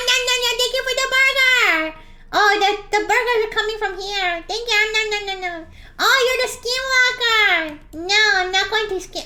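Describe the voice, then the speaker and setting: A woman's voice: very high-pitched, bright, forceful tone, full character voice. A woman putting on the voice of a bubbly female slime creature with a voice changer, giggly and teasing.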